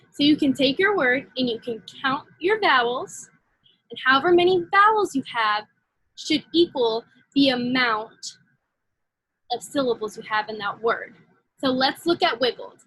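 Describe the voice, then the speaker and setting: A woman teaching a phonics lesson to young children, slow and encouraging. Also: high voice, a bit bright, husky, no echo, low-quality recording.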